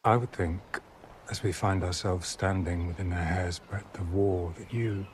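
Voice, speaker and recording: An actor playing a scheming, soft-spoken male courtier who makes quiet, deliberate veiled threats. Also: sits low, fairly even intonation. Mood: menacing. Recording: noisy TV clip.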